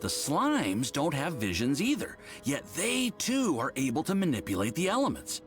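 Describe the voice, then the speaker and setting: A man's voice: fairly high pitch, huge pitch swings, normal speed. A man voicing an eager, polite young male research assistant in a game. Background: faint game music.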